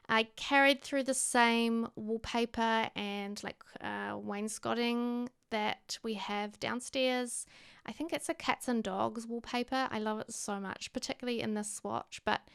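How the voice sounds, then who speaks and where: Casual New Zealand woman, chatty voice-over, smooth with gravelly fry, pitched a bit high. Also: a bit bright. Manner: chatty, meandering, many ums and likes. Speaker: Sims builder and streamer. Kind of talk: casual build commentary voice-over.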